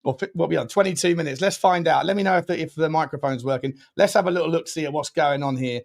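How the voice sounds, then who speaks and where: Young man, rambling live-stream host with a fairly high voice and excitable shout-outs. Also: quick pace, vocal fry, hardly any pauses. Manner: rambling, chatty, thanks viewers warmly with bursts of loud excitement. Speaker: fan channel host. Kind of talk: casual live-stream chat.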